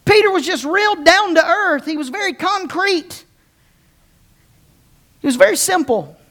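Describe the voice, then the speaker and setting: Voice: extremely high pitch, measured pace, a bit bright. A pastor preaching a conversational sermon, often repeating words and restarting, and asking the congregation questions.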